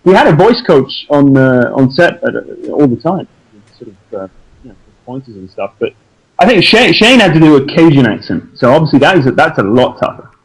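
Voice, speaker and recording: A man's voice: mid-range voice, big pitch swings, a little fast, husky, rough recording. A man with an English accent, an actor chatting as an interview guest, self-deprecating and prone to restarts. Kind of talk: casual interview chat.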